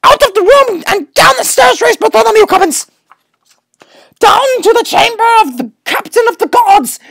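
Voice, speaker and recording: Brief: woman storybook reader, gravelly, animated delivery. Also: very high voice, moderate pace, no room sound. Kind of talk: reading a picture book aloud.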